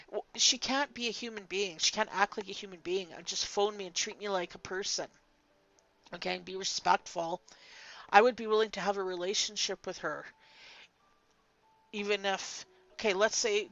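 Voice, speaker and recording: A woman's voice: mid-range voice, gravelly, a bit bright, lo-fi sound. An older woman telling a personal story in a vlog, blunt and emphatic, swearing freely. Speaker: vlogger.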